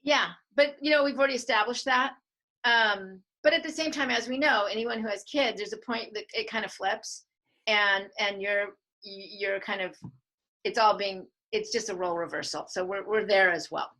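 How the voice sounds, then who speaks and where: A woman's voice: medium pitch, normal speed, low-quality recording. A middle-aged woman, a filmmaker and mother, speaking earnestly as a guest in a conversational interview. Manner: earnest, animated when quoting others.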